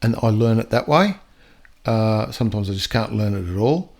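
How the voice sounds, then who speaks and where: An older man, chatting casually as a podcast guest, acting out dogs and people in quick little voices. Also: lowish voice, animated, darkish tone. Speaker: podcast guest storyteller and dog trainer. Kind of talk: casual chat.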